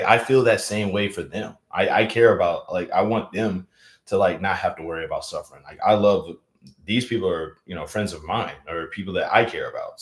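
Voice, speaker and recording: A man chatting casually on a live stream, rambling with many fillers and restarts. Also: low voice. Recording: roomy echo.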